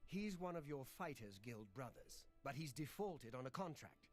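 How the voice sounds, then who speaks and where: An actor playing a gruff, condescending male guild officer in a fantasy game, curt and belittling. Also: medium pitch, big pitch swings, moderate pace, over music, close to an everyday voice. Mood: scornful.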